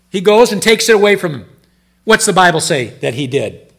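Husky man preaching with sharp dynamic swings. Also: very animated, brisk. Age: older. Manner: swings between loud emphatic bursts and low quiet asides. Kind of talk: sermon.

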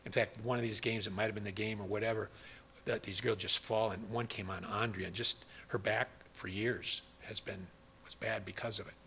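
A man's voice: on the low side, steady tone, normal speed, gravelly, bright, forceful tone, slight background noise. A middle-aged man preaching a sermon, asking the audience questions and acting out quoted voices. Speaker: pastor.

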